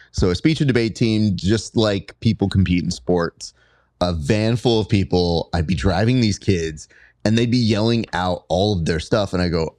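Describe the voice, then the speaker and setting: A man's voice: low voice, darkish tone, no echo, clean studio sound. A man hosting a casual interview, joking and telling stories as he asks questions. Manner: playful, joking storyteller. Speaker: podcast host.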